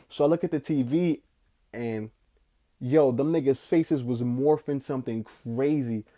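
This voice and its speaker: A young man casually telling a rambling story, slangy and profane, drifting between slow musing and excited bursts. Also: mid-range voice. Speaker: podcast host.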